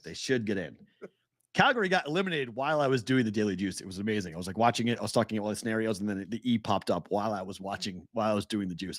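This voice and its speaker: A man co-hosting a sports betting podcast in casual chat, animated and laughing as he retells games. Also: lowish voice, racing, hardly any pauses, no echo, clean studio sound.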